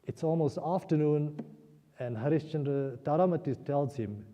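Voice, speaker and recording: Brief: man telling a sacred story at a temple, very dark mellow voice, long hall reverb, muffled. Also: a little high, moderate pace. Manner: animated, emotional retelling. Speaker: speaker at a temple celebration. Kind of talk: spiritual discourse storytelling.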